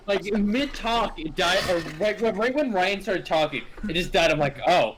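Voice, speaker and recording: A young man moderating a podcast over a headset, talking in a halting way with fillers and laughs. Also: high-pitched, lively intonation, low-quality recording. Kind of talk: casual chat.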